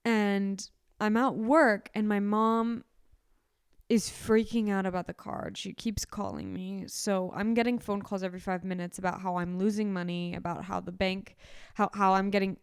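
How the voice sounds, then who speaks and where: Young woman, podcast co-host, smooth voice, close dry mic, rambling heartfelt chat. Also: mid-range voice, darkish tone, no echo. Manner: rambling, self-correcting, emotional storytelling. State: sick. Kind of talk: casual chat.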